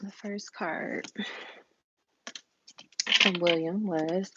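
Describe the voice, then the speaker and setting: A woman's voice: fairly low pitch, fairly even intonation, measured pace, gravelly. A woman reading tarot cards live, chatting casually, laughing often and reading card messages aloud. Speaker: tarot reader. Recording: dull lo-fi stream audio with noise and keyboard clicks.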